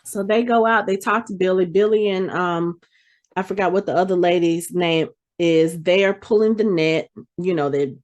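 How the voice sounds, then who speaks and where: A woman's voice: on the low side, moderate pace. A woman hosting a podcast, recapping a TV episode in casual chat and playfully acting out the characters' lines. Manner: animated storyteller who acts out the characters' lines. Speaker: podcast host.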